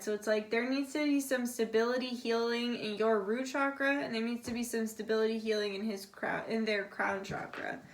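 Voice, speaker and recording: Chatty young woman reading tarot cards. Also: a little high. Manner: chatty, relaying messages in a soft confiding tone, swears casually. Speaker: tarot reader. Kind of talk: casual channeled tarot reading.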